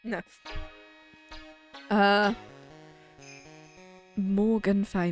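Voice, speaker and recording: A woman's voice: a little high, measured pace, soft background music. Chatty young British woman streaming a game. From Britain. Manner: chatty, joking, reads game lines in voices. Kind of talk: casual gameplay chat, reading dialogue aloud.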